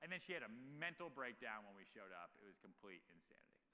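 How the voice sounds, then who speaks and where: A man in his thirties tells stories on stage in a bright, forceful voice that swings widely in pitch. He talks with plenty of fillers, and the sound carries the long reverb of a large event hall. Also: quick pace. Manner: animated storytelling with many fillers. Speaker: guest speaker. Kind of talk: live on-stage Q&A.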